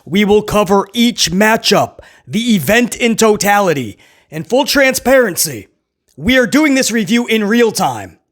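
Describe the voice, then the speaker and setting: A man's voice: sits high, very animated, measured pace, fairly bright tone. A man hosting a casual solo wrestling review, hyped and slangy, talking straight to his viewers and laughing often.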